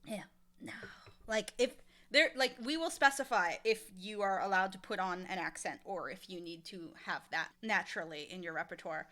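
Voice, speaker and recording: A woman's voice: mid-range voice, normal speed, sharp tone. A woman being interviewed as a casting director, talking frankly and emphatically in a casual conversation. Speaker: casting director and audio drama creator.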